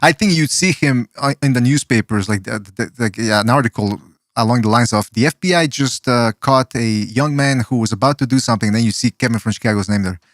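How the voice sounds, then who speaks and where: Man, podcast host, chatty and excitable, dry close sound. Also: medium pitch, brisk, no echo. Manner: excitable, chatty, swears casually. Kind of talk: casual podcast chat.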